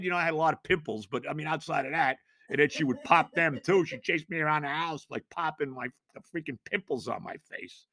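A man in his sixties, hosting a podcast, tells a rambling, animated story in casual chat, repeating himself and laughing along the way. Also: on the high side, brisk, hardly any pauses, dry recording, studio quality. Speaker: podcast host.

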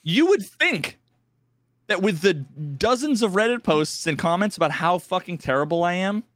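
A man co-hosting a casual podcast, talking loud and passionate with lots of swearing. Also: sits high, animated, normal speed, a little hiss or hum. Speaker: podcast co-host and streamer.

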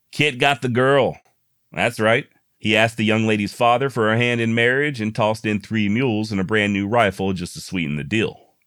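A man's voice: lowish voice, a bit bright, no room sound, studio quality. A man narrating frontier history in a casual, folksy way with wry asides. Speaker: history storyteller.

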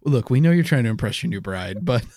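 A man's voice: mid-range voice, expressive, quick pace, warm tone, no room sound, clean studio sound. A man co-hosting a podcast in casual comedic chat, joking and laughing along. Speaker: podcast co-host.

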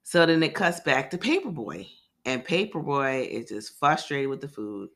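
A man's voice: mid-range voice, sing-song, normal speed, fairly bright tone. A man co-hosting a podcast, casually recapping a TV episode in a chatty, loose, profane way. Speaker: podcast co-host.

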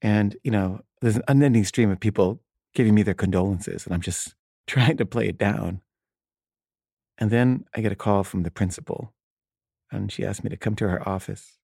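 Low-voiced wry male storyteller. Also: moderate pace, creaky, mellow, slightly rough, dry recording, clean studio sound. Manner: casual, wry, many filler likes. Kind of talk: personal storytelling.

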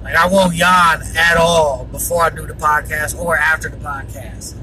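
A man's voice: fairly high pitch, steady tone, normal speed, bright, forceful tone, recorded from a distance. A man hosting a personal faith podcast, talking earnestly and rambling with many fillers and yawns. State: yawning often. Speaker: podcast host. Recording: noisy, voice from off the mic.

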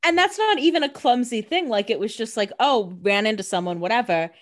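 A young woman co-host trades wry, jokey remarks in casual chat, swearing now and then. Her voice sits a little high and swoops around with lots of movement. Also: lively intonation, a little fast. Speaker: podcast co-host.

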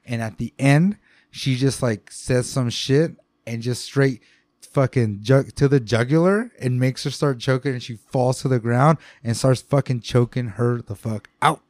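A man's voice: medium pitch, measured pace, darkish tone, no echo. A man in casual chat, laid-back and profane, often chiming in with agreement.

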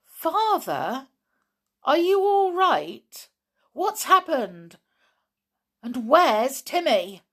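A woman voicing an anxious, urgent young girl in an audiobook reading, pitched high and breathless. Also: big pitch swings, measured pace, exaggerated voice.

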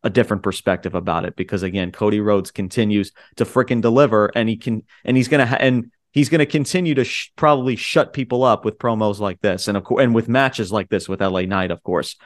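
A man co-hosting a casual podcast, recapping with excited, profane and rambling enthusiasm. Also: lowish voice, fast talker, few pauses. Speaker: podcast co-host.

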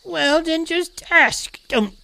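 A man's voice: extremely high pitch, slow pace, creaky, pushed and bright, voice pushed up, exaggerated voice. A man voicing a proud, touchy oldest pig brother in a tabletop game, blustering and defensive. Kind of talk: tabletop role-play voicing.

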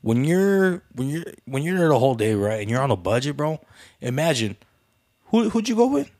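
A man's voice: medium pitch, a little fast. Profane storytelling man, "bro" every line. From Mexican heritage. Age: adult father. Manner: profane, peppers speech with "bro"; animated storyteller, acts out voices with laughter. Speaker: podcast co-host. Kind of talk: casual chat.

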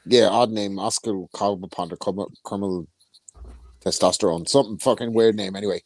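A man on a podcast, telling boxing stories in an animated, sweary way. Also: lowish voice, fairly quick, no echo, studio quality. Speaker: podcast co-host. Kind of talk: casual boxing chat.

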